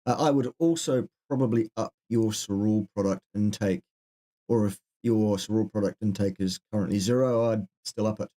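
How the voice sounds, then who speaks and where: A middle-aged man with a low, warm, mellow voice co-hosts a live question-and-answer session. He answers viewers in a dry, joking way, with plenty of playful asides along the way. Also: normal speed. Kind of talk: live Q&A chat.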